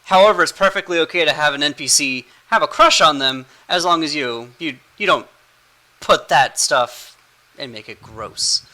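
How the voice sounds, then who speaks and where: Giggly man with a bright voice. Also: on the high side, moderate pace, poor audio. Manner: giggly, playful, rambling. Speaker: game master and podcast host. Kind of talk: casual podcast chat.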